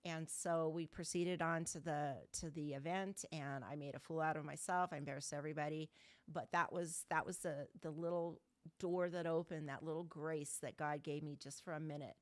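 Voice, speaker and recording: Blunt, low-voiced woman sharing her recovery. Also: fairly even intonation, normal speed, dry recording. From Southern California. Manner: candid and blunt, with casual swearing. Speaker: guest speaker. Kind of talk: recovery meeting personal story. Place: online video call meeting.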